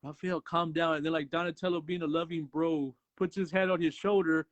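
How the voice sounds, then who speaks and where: A man's voice: fairly high pitch, brisk, dry recording. A man co-hosting a movie review show, chatting casually, swearing often and acting out scenes. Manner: profane, animated, acts out scenes. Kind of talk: casual chat.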